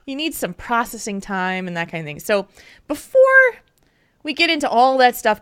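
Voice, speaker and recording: A woman with a bright, clear voice hosting a casual podcast chat. She talks openly and candidly, laughing often. Her voice sounds close and dry on a home mic. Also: mid-range voice, dry recording. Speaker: podcast host.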